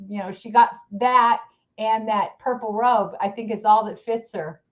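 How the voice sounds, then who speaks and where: A woman's voice: on the high side, steady tone, measured pace. Gossipy woman on dull lo-fi audio. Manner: gossipy, mocking. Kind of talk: casual chat. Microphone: livestream mic.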